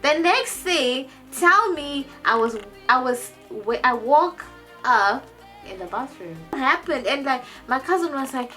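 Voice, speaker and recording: A young woman tells a storytime vlog in a bright, forceful voice pitched a little high, with faint music underneath. She stumbles and repeats words, then jumps up into squeaky quoted voices. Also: lively intonation, measured pace. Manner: restarts and repeats words often. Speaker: vlogger. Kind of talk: casual storytime.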